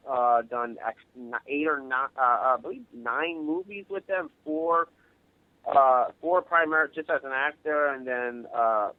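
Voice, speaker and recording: A man's voice: mid-range voice, dry recording. Modest rambling man on a tinny phone line. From Long Island, New York. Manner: modest, rambling, halting with many restarts. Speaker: guest, actor and director. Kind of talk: casual radio interview.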